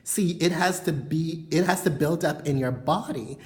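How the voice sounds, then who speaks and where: A woman's voice: low voice, normal speed, a little mellow. Woman vlogger, bedroom chat to camera, frank and rambling, lots of fillers. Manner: frank, rambling, heavy on "you know" fillers. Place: bedroom at home.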